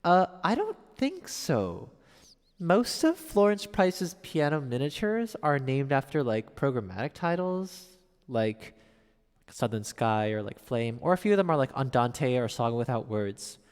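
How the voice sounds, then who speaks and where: A man's voice: mid-range voice, sing-song, measured pace, smooth, in a large hall. A man streaming piano, chatting casually as he reads viewer messages aloud and answers them. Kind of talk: casual live-stream chat.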